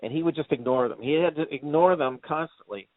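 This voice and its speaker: Over a tinny, phone-like, dry line with no room sound, a man with a voice on the high side talks fairly quickly. He co-hosts a casual movie review chat, telling rambling stories, acting out quotes, and laughing often.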